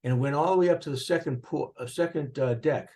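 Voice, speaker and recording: An older man with a Boston accent recalling his upbringing in an interview, animated and rambling, with frequent restarts. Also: fairly high pitch, fast. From Boston area, USA. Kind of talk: reflective interview recollection.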